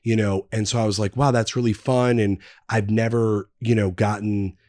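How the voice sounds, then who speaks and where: A man's voice: fairly low pitch, little pitch movement, moderate pace, a little mellow, no echo, clean studio sound. A man in his thirties, a podcast guest, telling long anecdotes in casual chat, full of fillers and restarts. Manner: rambling anecdotes with many fillers. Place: podcast studio.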